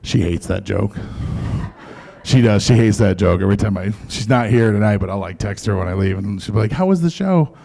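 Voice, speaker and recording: A man's voice: lowish voice, steady tone, fairly quick, creaky, mellow. Profane stand-up comic man on stage. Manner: profane, conversational, mocking quoted voices. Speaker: stand-up comedian. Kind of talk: stand-up comedy set. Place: comedy club stage.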